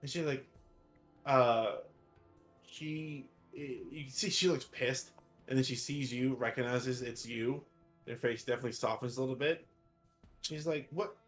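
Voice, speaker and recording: A man's voice: medium pitch, unhurried, long pauses, soft background music. A man narrating as game master of a tabletop game, rambling casually and swearing freely.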